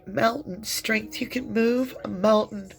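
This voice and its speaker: A woman's voice: on the high side, steady tone, gravelly, soft background music. A woman giving an emotional tarot reading, crying and speaking in a heartfelt, soothing way. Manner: tearful, heartfelt, slow and soothing. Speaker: tarot reader.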